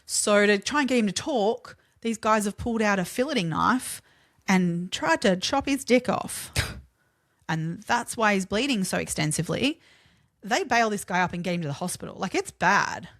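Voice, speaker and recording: A woman co-hosts a true-crime podcast, recounting the case in a loose, conversational way. She sprinkles her talk with "like" fillers and casual swearing, and her voice sits at a middle pitch. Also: expressive, normal speed, a bit bright. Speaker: podcast co-host.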